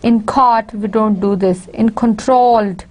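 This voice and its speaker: A woman lecturer with a Pakistani English accent, a native Urdu speaker, explaining at a steady pace with frequent fillers and restarts. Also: medium pitch, measured pace, a little hiss or hum. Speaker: university lecturer. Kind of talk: recorded online lecture.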